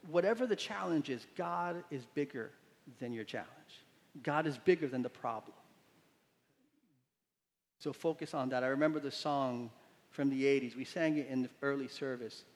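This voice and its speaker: A man preaching a sermon as pastor, telling stories with lively voices for the people in them. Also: medium pitch, moderate pace, long pauses, big-room sound. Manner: animated storytelling, acts out quotes with voices. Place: church sanctuary.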